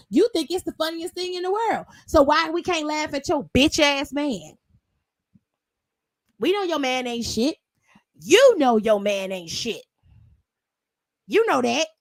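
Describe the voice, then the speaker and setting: Brief: woman from Cleveland, high voice, sassy and profane wrestling recap host, dry close sound. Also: no room sound. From Cleveland, USA. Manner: sassy, profane, animated storytelling. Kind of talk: casual commentary.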